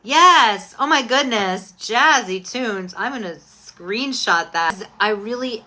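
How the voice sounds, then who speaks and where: Bright, chatty woman host. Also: on the high side, slow pace. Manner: chatty, expressive, candid. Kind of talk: casual chat.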